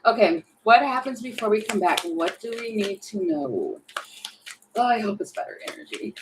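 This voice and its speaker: Woman, tarot reader, live reading, chatty, thinks aloud, middle pitch, faint background noise. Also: animated, moderate pace. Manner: chatty, thinking aloud, acts out little quoted voices; exasperated about the energy.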